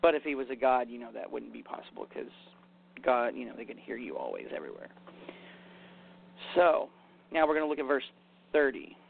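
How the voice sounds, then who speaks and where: A man preaches casually and reads scripture over a tinny, phone-like connection, putting verses in his own words with "basically" and "you know." His medium-pitched voice is creaky and husky, swings widely in pitch, runs a little fast, and has long pauses.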